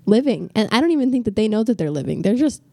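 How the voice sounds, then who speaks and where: Giggly teen girl with a gravelly edge. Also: a little high, very animated, fast talker, mellow, no echo. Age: teens. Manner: giggly, bubbly, lots of filler likes. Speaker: podcast co-host, daughter. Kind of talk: casual family chat.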